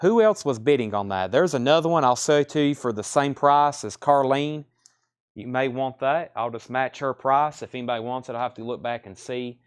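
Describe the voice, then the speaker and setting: Hosting a live-stream record sale in a store, a Southern-accented man lists titles, grades and prices and talks his thoughts through. His voice is mid-range and smooth, at a moderate pace.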